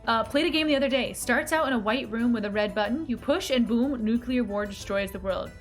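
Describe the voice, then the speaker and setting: An excitable American woman chats with her stream audience as she plays, her voice pitched a little high and quick to laugh. Game music plays clearly underneath. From United States. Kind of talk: casual live-stream chat while gaming.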